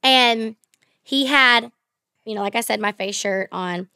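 A young woman with a fairly high, lively voice tells her stories in casual podcast chat. She is animated, swears freely and acts out the people she quotes in sudden bursts. The sound is dry and close to the mic. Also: a little slow, clear, resonant tone, no echo. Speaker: country singer, guest. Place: podcast studio.

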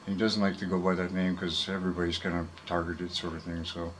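A man vlogging to his viewers in a rambling, profane monologue, full of fillers and quick apologies. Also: low voice, completely flat delivery, a little hiss or hum, rough recording. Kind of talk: casual rambling monologue to camera. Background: background music.

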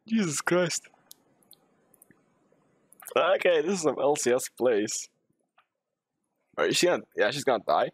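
A young man streaming a game live, talking to himself and yelling and swearing in sudden bursts at his teammates. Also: medium pitch, huge pitch swings, a little slow, pauses often, no room sound, studio quality. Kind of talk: live gameplay commentary.

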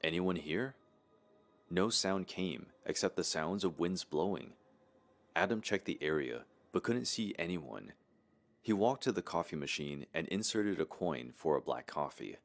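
Very deep-voiced horror story narrator. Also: male voice, lively intonation, moderate pace.

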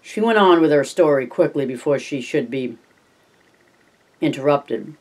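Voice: mid-range voice, expressive, unhurried, long pauses. A reader reading a novel aloud in plain narration, now and then adding spoken asides.

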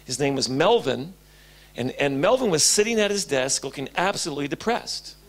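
A male pastor preaching a sermon in a church, telling stories animatedly and swinging between loud and hushed. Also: a little high, animated, normal speed.

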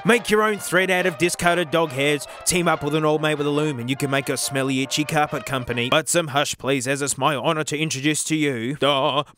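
A young Australian man hosting a comedic vlog, excitable and jokey and full of slang, calling everyone mate. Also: fairly high pitch, fairly quick, hardly any pauses, faint music behind. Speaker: YouTube host.

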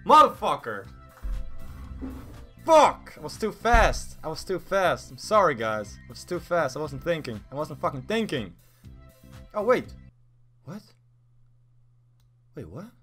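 A man giving casual, excitable commentary while betting on a game, swearing often and swinging from mumbles to yelling. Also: on the high side, a little slow, long pauses, faint music behind. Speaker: gaming YouTuber.

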